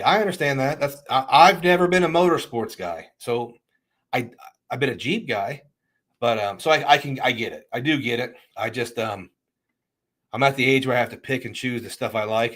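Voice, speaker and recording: A man's voice: medium pitch, normal speed, fairly bright tone. A middle-aged man hosting a livestream, chatting casually and reacting to viewer comments in a rambling, restart-heavy way. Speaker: livestream host.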